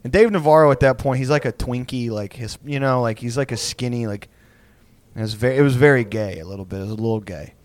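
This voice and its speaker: A man's voice: medium pitch, fast talker, dry recording. A man telling a rambling, profane comedic story in casual chat, acting out the people in it. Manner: profane, rambling, acts out quoted voices.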